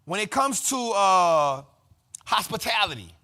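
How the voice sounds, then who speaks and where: High, forceful man hosting. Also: sing-song, a little slow. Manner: emphatic, slangy, repeats lines for effect. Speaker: host of a finance show. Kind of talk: energetic market commentary.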